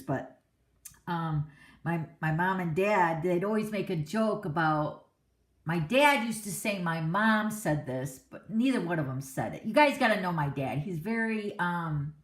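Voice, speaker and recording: A middle-aged woman hosting a card-making class, chatting in a rambling, casual way and laughing often. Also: low-pitched. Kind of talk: casual chat during a live stream. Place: home craft classroom. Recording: echoey room.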